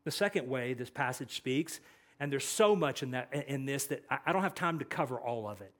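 A man preaching a sermon as pastor, swinging between loud emphatic lines and soft, hushed asides, repeating phrases for emphasis. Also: medium pitch, lively intonation, a little fast.

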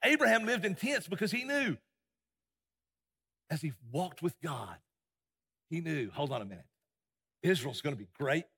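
A man's voice: fairly high pitch, expressive, normal speed, pauses often, a bit bright, breathy edge. A man preaching a sermon as pastor, impassioned, stumbling and repeating words as he goes. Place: church sanctuary. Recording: long hall reverb.

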